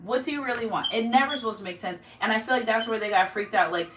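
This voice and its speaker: A woman's voice: a little high, quick pace, background noise. Woman giving a chatty tarot reading. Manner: emphatic, repeats herself, chatty. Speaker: tarot card reader. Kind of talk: casual spiritual reading to camera. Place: home room. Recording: echoey room, mic far off.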